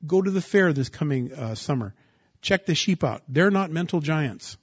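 A man preaching a sermon, asking the congregation rhetorical questions and rising into loud bursts of emphasis. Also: a little high, animated, normal speed, breathy edge, no echo, lo-fi sound. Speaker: pastor.

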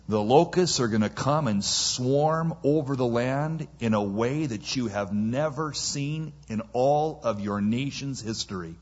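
A man's voice: mid-range voice, slightly rough, muffled recording. A man preaching a sermon, who reads scripture aloud and then retells it in everyday speech, acting out the quoted lines with drama. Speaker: pastor. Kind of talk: expository sermon.

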